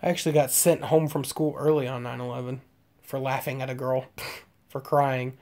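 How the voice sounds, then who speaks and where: A man's voice: mid-range voice, flat delivery, moderate pace, a little mellow. Late 20s guy on a stream, swearing a ton, rambling through stories with lots of uhs. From Omaha, Nebraska, United States. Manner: rambling, profane storytelling with frequent fillers and laughs. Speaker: streamer chatting with viewers. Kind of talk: casual live-stream chat.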